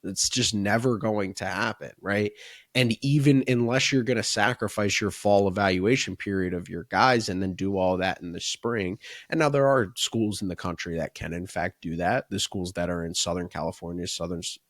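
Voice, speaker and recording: A man's voice: low voice, normal speed, no echo, studio quality. A man who coaches baseball, co-hosting a casual podcast and talking in long run-on thoughts that he often caps with "right?" and "like".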